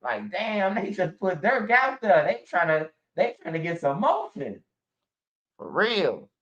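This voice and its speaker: A man's voice: high voice, very animated, a little slow, fairly bright tone. Rambling, profane man. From Chicago. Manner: rambling, profane, repeats bro and man, laughs often. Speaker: livestream commentator. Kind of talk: casual livestream rant. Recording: muffled lo-fi stream audio.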